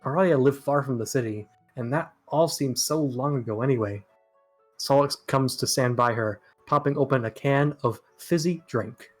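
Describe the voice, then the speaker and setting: A man's voice: medium pitch, normal speed, faint music behind. A man reading the narration aloud in a casual fan read-along, sometimes tripping over words.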